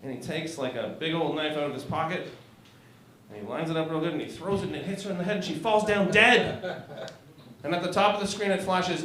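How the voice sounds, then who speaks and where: A man's voice: a little high, fairly quick, fairly bright tone. A man in his forties from Canada doing a crude, self-mocking stand-up set on a club stage, often laughing at his own jokes. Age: 40s. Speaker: stand-up comedian. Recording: roomy club echo.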